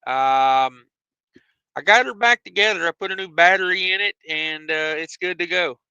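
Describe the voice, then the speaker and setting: A man's voice: high-pitched, normal speed, bright, forceful tone, clean tone, no echo, lo-fi sound. A man hosting a casual trucking livestream on his phone, reading viewer comments in a loose, joking way. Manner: loose and joking, many fillers and asides.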